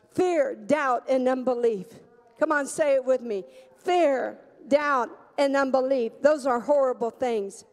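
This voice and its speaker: A woman pastor preaching a sermon in a church, slow and emphatic, drawing the congregation into call-and-response. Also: on the high side, darkish tone, in a large hall. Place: church sanctuary.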